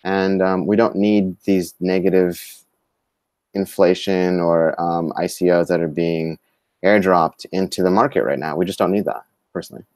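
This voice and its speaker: Give me a deep-voiced man co-hosting a live talk stream, hesitant and stumbling. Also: fairly even intonation, a little mellow, no echo. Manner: halting, many fillers and restarts. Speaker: co-host. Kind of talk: live-streamed casual discussion.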